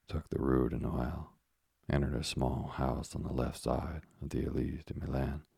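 A man narrating an audiobook in a measured, steady manner. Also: very deep voice, creaky, breathy edge, no echo, studio quality.

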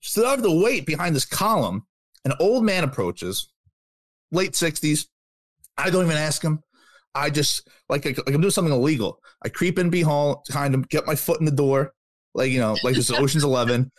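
A man in his early thirties co-hosting a talk radio show, telling a story in a quick, animated way that builds up steam. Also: fairly high pitch, no echo. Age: 30s. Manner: animated, quick storyteller who gets worked up.

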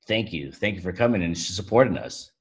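Fast-talking Brooklyn man. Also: low-pitched, lively intonation. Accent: Brooklyn New York. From Brooklyn, New York. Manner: plainspoken, short friendly answers. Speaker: pizzeria owner, guest. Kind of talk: casual interview chat.

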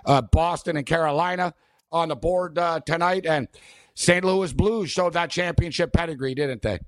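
A man's voice: on the high side, moderate pace, no room sound, clean studio sound. A man hosting a sports betting talk show, rambling casually with many fillers.

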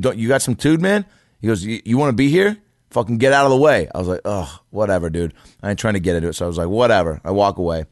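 A young adult man telling a bar story in casual, profane chat, acting out the people in it in a higher voice. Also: no echo, clean studio sound. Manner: animated, profane, acts out quotes in a higher voice.

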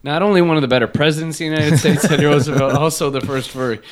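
A man's voice: on the high side, steady tone, very fast. A man co-hosting a comedy podcast, rambling and joking with lots of restarts. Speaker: podcast co-host.

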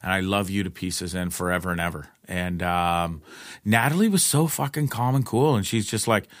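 A man telling a personal story in casual, profane speech, with lots of restarts and an animated delivery. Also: normal speed, dry recording, clean studio sound. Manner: profane, rambling, restarts often; animated retelling, pitch jumps in quoted lines.

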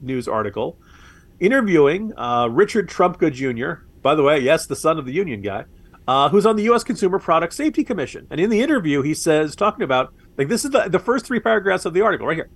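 Lively, sarcastic man. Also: on the high side, quick pace. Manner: animated, sarcastic, laughs often. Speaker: podcast co-host. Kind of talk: casual political commentary.

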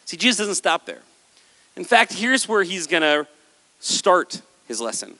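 Lively pastor preaching in a hall. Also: male voice, high voice, unhurried. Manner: animated, acts out voices of listeners and Jesus. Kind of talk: sermon. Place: large hall with a stage. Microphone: handheld microphone. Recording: hall with long reverb.

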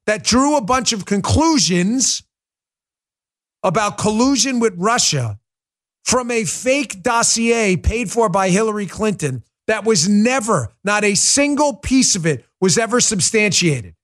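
A man's voice: sits high, a bit bright. A man hosting a political commentary show, delivering a heated, emphatic monologue. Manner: fiery, emphatic, repetitive ranting.

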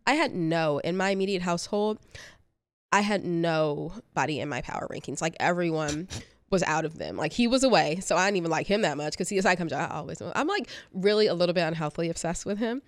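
A woman in her thirties talks casually on a podcast, her voice sitting fairly low and sounding dry and close. She rambles, laughs often and fills her sentences with "like", speaking right into a studio microphone. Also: expressive, a little fast, dry recording. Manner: chatty, rambling, laughing, lots of "like". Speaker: co-host.

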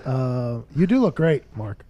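A man's voice: mid-range voice, big pitch swings, measured pace, mellow, dull audio. A male podcast host ribbing his guest in joking banter. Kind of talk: casual podcast chat.

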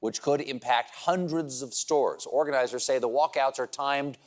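A man's voice: mid-range voice, normal speed. A man hosting a late-night comedy show, delivering a mock-grandiose monologue of jokes. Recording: studio audience laughter behind.

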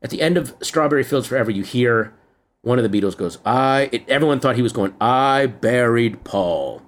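A middle-aged man, co-hosting a podcast in casual chat, telling animated stories and teasing his partner. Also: mid-range voice, quick pace, a little hiss or hum. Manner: animated storyteller, teasing, jumps into quoted voices. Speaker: podcast co-host.

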